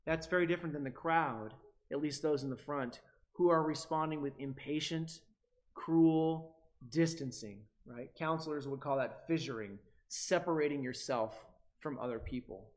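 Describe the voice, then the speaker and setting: A pastor in his forties delivers a sermon with a fairly high-pitched voice. He leans hard on key words and often restarts his phrases as he builds his point. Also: moderate pace. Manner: emphatic, rising loud on key words, many restarts.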